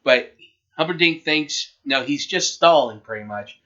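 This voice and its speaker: A man co-hosts a casual podcast, walking through a movie plot in a loose, rambling way. His voice sits a little high and sounds sharp and forceful. The recording is dull and lo-fi. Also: animated, a little slow. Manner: retells a film plot loosely, with restarts. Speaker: podcast co-host. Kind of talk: casual chat.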